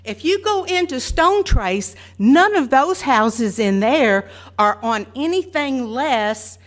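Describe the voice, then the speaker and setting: A woman, speaking earnestly and deliberately as a resident during public comment at a meeting. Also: high-pitched, lively intonation. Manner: earnest, deliberate, listing details. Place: council meeting room.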